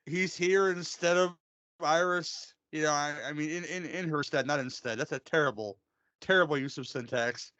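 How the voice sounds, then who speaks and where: A man's voice: a little high, normal speed, sharp tone, no room sound. A man hosting a movie podcast, joking around and stumbling over his words. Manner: joking, stammering. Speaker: podcast host. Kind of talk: casual chat. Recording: slightly dull, dry sound.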